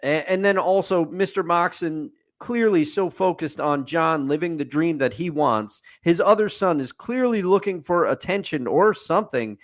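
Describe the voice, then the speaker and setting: A man co-hosts a casual sports podcast, speaking at a normal speed in a voice on the high side with hardly any pauses. He's opinionated, picking things apart point by point and building lists around a repeated refrain.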